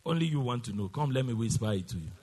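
A man's voice: mid-range voice, expressive, fast, mellow, husky, in a large hall. A man preaching a sermon, emphatic and call-and-response, sometimes half-singing his exclamations.

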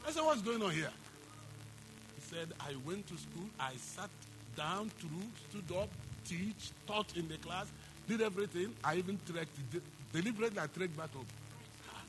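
Animated pastor preaching. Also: male voice, high voice, moderate pace, background noise. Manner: emphatic preaching with repeated phrases and rhetorical questions. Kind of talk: sermon.

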